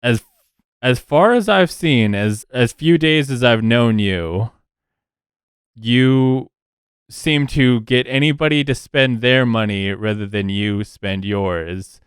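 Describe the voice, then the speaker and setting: A man voicing Fergus, an earnest young prince, in a tabletop game, speaking in slow, questioning tones. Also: medium pitch, smooth, no echo, clean studio sound, natural voice.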